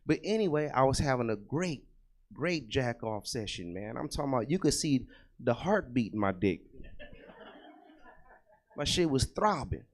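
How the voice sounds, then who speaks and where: A man doing a crude stand-up comedy set in a comedy club, talking straight to the crowd and swinging between loud bursts and low muttered asides. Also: very animated, moderate pace, long pauses. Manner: crude, conversational, talks to the crowd.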